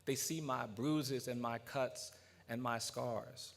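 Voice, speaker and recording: A man's voice: medium pitch, steady tone, slow pace, creaky, faint music behind. A man quoting a stern elderly male civil rights veteran in a speech, with insistent, solemn lines. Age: older.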